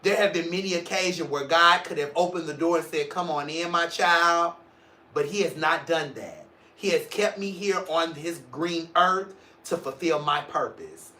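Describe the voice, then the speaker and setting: Podcast host, man in his forties, sassy and playful, sharp-edged tone, echoey room. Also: a little high, moderate pace. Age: 40s. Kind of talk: casual video podcast monologue.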